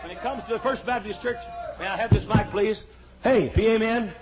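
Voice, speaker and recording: High-voiced older preacher on lo-fi tape. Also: male voice, fairly quick. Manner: emphatic preaching with stammered repeats and sudden shouts. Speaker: pastor. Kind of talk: sermon. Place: large church auditorium. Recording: dull lo-fi archival sermon tape.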